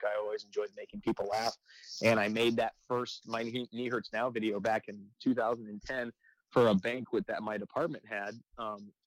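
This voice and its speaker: A man's voice: mid-range voice, no echo, rough recording. A man who works as a firefighter and makes comedy videos, telling a story in a casual interview, with lots of fillers and restarts. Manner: rambling, many restarts and fillers.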